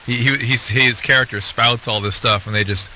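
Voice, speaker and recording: A man's voice: mid-range voice, steady tone, normal speed, bright, forceful tone, slight background noise. A man co-hosting a radio talk show in casual chat, chuckling and prodding the others.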